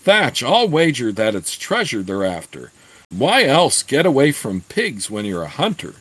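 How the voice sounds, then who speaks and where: A man reading aloud voices a small, eager apprentice boy who pleads and flares up quickly. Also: medium pitch, wildly swooping pitch, a bit bright, slightly rough, no echo, heavily acted.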